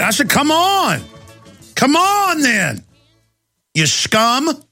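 A man hosting a talk radio show, ranting heatedly and shouting at times, then taking calls. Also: high-pitched, vocal fry. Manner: angry, shouting at times, fast bursts.

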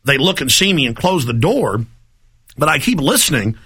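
Brief: male radio host, gravelly and forceful, emphatic and rambling. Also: on the high side, sing-song, normal speed. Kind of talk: talk radio monologue.

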